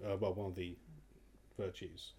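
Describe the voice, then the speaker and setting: Lower-voiced man telling a story, swearing. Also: normal speed, breathy edge. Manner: animated storyteller, swears freely. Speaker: podcast co-host. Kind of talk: casual chat.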